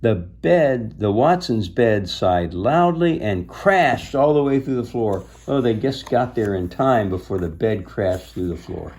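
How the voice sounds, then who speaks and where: Slow, husky man reading a storybook. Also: fairly low pitch, lively intonation, a little mellow. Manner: chatty, explaining to children. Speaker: storybook reader. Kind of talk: reading a children's book aloud with asides.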